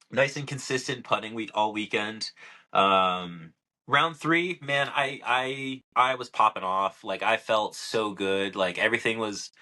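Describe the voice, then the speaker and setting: A man's voice: on the low side, sharp tone. A young man co-hosting a podcast, telling a long story in casual chat, with many fillers and restarts. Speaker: podcast co-host.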